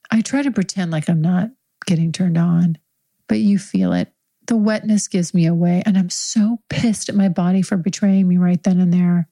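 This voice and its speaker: A woman's voice: lowish voice, warm tone. A woman host improvising an erotic story in the second person, intimate, frank and profane, lingering on her words. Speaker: podcast host.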